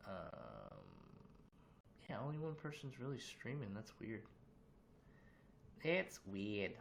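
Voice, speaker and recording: A man's voice: medium pitch, huge pitch swings, unhurried, vocal fry, slight background noise. A man casually hosting a livestream from his room, chatting loosely and greeting viewers with questions. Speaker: livestream host.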